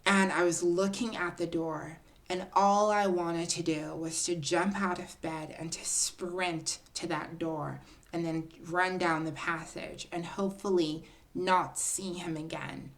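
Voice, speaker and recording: A woman telling a personal story to her viewers in a casual, confiding storytime, often calling her listeners "girl" and building drama with pauses. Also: lowish voice, fairly even intonation, creaky. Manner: chatty, confiding, keeps addressing listeners as "girl".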